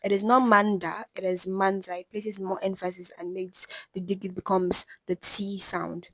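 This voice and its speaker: A woman teaching a pronunciation lesson, pausing to say each example word slowly and carefully. Her voice sits at an ordinary middle pitch. It is recorded close and dry, with no room sound around it. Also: level tone, dry recording, poor audio. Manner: slows down to sound out example words. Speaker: language teacher. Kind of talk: explanatory lesson.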